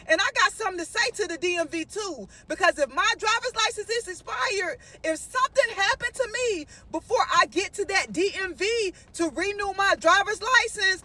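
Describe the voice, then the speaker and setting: A woman vlogger telling a story in an animated, sassy and dramatic way, speaking straight to her viewers. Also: very high-pitched, normal speed, few pauses, no echo, distant mic.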